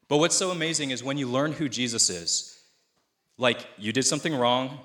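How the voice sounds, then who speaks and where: A man's voice: medium pitch, expressive, moderate pace, pauses often, a bit bright. A man in his thirties, a pastor, giving a conversational, self-deprecating sermon in a church. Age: 30s.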